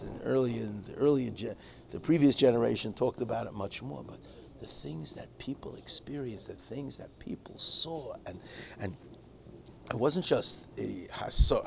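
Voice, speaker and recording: Guy with a really gravelly voice rambling through a torah class, lots of restarts, noisy recording. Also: mid-range voice, normal speed. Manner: digressive, restarts often, mixes in Hebrew and Yiddish terms. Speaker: Torah teacher. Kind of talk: informal religious class with storytelling. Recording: clear background noise.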